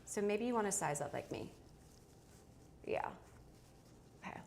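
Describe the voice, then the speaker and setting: A woman's voice: medium pitch, very animated, measured pace, vocal fry, a little mellow, slight background noise. A woman hosting a live fashion try-on from her small home studio, chatty and addressing viewers directly. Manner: chatty, self-interrupting, talks to viewers. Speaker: fashion livestream host. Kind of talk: casual live try-on chat.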